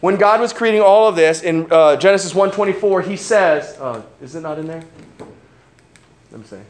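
Speaking at normal speed in a voice that sits high, a young adult pastor keeps his sermon casual, tossing in jokes and repeatedly asking "right?". The recording has a roomy hall sound and faint background noise.

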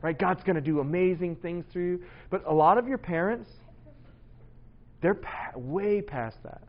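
A pastor in his forties preaches to a youth group in a chatty way, with a voice a little higher than most men's. He acts out the scenes with his kids and laughs a lot. The recording sounds dull and lo-fi. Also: unhurried. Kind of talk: sermon to teenagers.

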